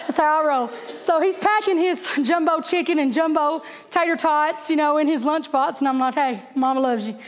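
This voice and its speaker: A middle-aged woman, teaching a Bible class through chatty, animated stories with laughing asides. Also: high-pitched, normal speed, long reverb tail. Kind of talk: storytelling Bible lesson.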